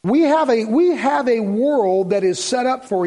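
Gravelly, husky high-voiced man preaching. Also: animated, a little slow, few pauses, dark tone. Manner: folksy, rambling, joking asides to the congregation. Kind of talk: sermon. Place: church in front of a congregation.

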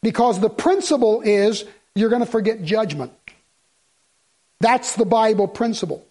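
A man's voice: sits high, creaky, warm tone, breathy edge. A middle-aged man preaching a sermon in a folksy, emphatic way, firing rhetorical questions at his congregation. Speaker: pastor.

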